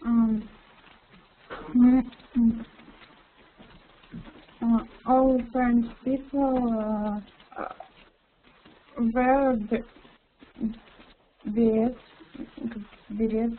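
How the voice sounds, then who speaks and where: A woman student gropes for her words in an online English class, pausing often and filling the gaps. She speaks very slowly in a slightly high voice. Her voice comes through a thin, phone-like line with a faint hiss behind it. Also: level tone. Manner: hesitant, halting with many fillers. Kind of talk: language class answers.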